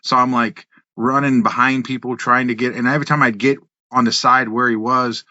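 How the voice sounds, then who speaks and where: Man in his fifties telling animated stories. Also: medium pitch, a little fast, dry recording. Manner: animated storyteller, acts out voices, laughs, swears. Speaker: podcast guest, wrestler and musician. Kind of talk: casual storytelling. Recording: dull, slightly lo-fi, dry.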